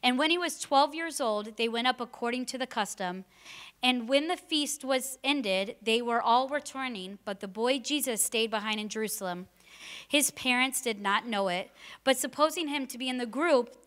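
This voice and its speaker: A woman's voice: fairly high pitch, a bit bright. A woman preaching a sermon in a conversational way, mixing scripture with personal stories and rhetorical questions.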